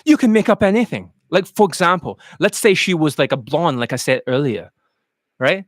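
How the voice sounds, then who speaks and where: Animated, foul-mouthed male dating coach. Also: fairly high pitch, normal speed, no echo, studio quality. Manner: crude, animated, mocking. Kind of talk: coaching rant.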